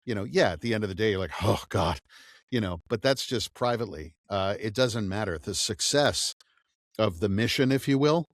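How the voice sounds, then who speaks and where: Low-voiced middle-aged man, dry close sound. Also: normal speed, no echo. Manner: animated storyteller, acts out quoted dialogue. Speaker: audiobook narrator and actor. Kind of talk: casual interview conversation.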